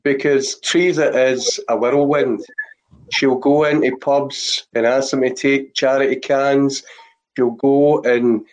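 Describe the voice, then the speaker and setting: A man with a mid-range voice hosts a podcast and tells a story in relaxed, easygoing conversation. His delivery is plain and unhurried. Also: mid-range voice, poor audio. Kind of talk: casual chat.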